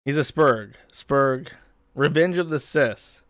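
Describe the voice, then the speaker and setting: Slow-paced and medium-pitched, this streamer host's voice is fairly bright, recorded with clean studio sound and no echo. His casual live-stream commentary on a clip and chat comes across as profane, incredulous and scornful.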